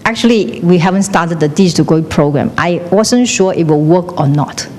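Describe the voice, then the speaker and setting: This middle-aged woman's voice is on the low side and a touch mellow, moving at a moderate pace as she gives a classroom lecture. She repeatedly questions the students and switches between English and Chinese, with long hall reverb and faint noise in the recording.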